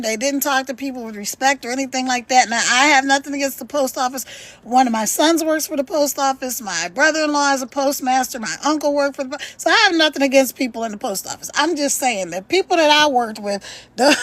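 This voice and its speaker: A middle-aged woman hosting a live stream from home, telling a story in an animated, chatty way and laughing as she talks, into a phone. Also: high voice, no room sound, rough recording. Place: at home, later walking in her backyard.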